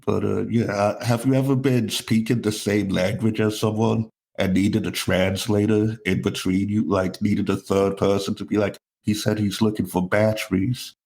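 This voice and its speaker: A low-energy male comedian chatting on his podcast, laid-back and quick to poke fun at himself. His voice sits a bit low for a man. The delivery is casual and unhurried. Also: level tone, creaky, darkish tone. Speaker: podcast co-host; stand-up comedian.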